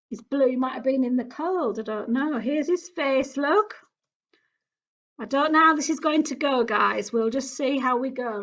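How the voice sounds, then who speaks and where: Speaking with a British accent, an English woman demonstrates a painting craft for toddlers in a high voice at an unhurried pace. She's chatty and exclamatory, asking questions and talking directly to the little ones, captured on a dull, lo-fi recording.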